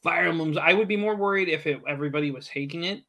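A man's voice: fairly high pitch, quick pace, gravelly, pushed and bright. A man co-hosting a casual gaming podcast, chatty and enthusiastic, rambling with frequent restarts. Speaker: podcast co-host.

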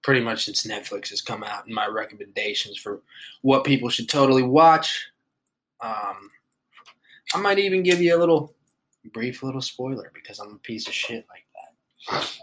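A man's voice: mid-range voice, moderate pace, fairly bright tone, low-quality recording. A man hosting a podcast solo, talking in a laid-back, joking, profane way. He has just woken up and coughs now and then. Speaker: podcast host. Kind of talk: casual podcast monologue.

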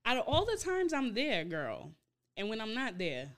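A young woman telling a story in casual chat, animated and profane, acting out her own reactions. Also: on the high side, normal speed. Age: young adult. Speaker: podcast host.

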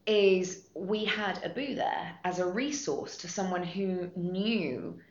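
A woman's voice: mid-range voice, takes it slowly. A woman voice actress in a podcast interview, talking enthusiastically and repeating her words. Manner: enthusiastic, effusive, repeats herself. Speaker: guest voice actress. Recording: echoey room, dull lo-fi sound.

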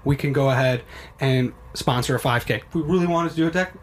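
A man's voice: mid-range voice, fast talker, slight background noise. Rambling upbeat young man chatting. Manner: rambling, upbeat, trails off mid-word. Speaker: podcast co-host. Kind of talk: casual chat.

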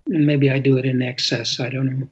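An older man, an author being interviewed, who tells stories in an animated way and acts out quoted lines. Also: medium pitch, a little fast, slightly rough, lo-fi sound. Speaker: author guest. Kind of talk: interview conversation.

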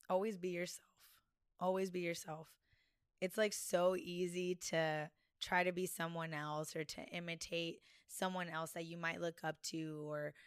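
A woman's voice: fairly low pitch, a bit bright, smooth, no echo. Guest: laid-back young woman, chatty and slangy, dry close-mic sound. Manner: laid-back, says "dude" and "like" a lot. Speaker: podcast guest. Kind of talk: casual podcast interview.

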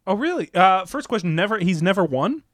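Brief: male host, high and lively voice, wry deadpan asides. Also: brisk. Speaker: podcast host. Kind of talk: casual chat.

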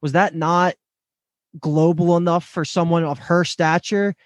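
A man co-hosting a casual podcast, quick and questioning, with enthusiastic asides. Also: on the high side, fairly even intonation. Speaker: podcast co-host. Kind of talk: casual chat about a TV show.

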